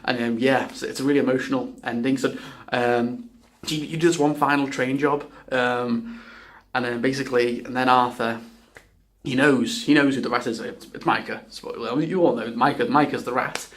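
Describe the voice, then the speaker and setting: A man's voice: mid-range voice, steady tone, normal speed, a bit bright, slight background noise. A man giving a casual spoken video game review, rambling and enthusiastic, often restarting his sentences and swearing.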